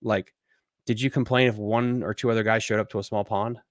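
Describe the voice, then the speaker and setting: On a live fishing stream, the host fields listener questions with a blunt, casually profane rant. His lowish voice stays fairly even and moves fairly quickly, recorded cleanly in a studio with no echo.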